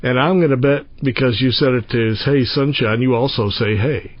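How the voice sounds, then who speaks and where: A man's voice: medium pitch, moderate pace, dry recording. A man hosting a radio interview, talking in a rambling, folksy, joking way. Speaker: radio host. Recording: slightly muffled radio sound.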